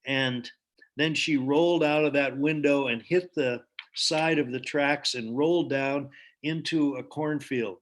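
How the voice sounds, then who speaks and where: A man's voice: a little high, unhurried, a bit bright. A man giving a storytelling talk in an earnest way, with frequent ums and restarts. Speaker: speaker.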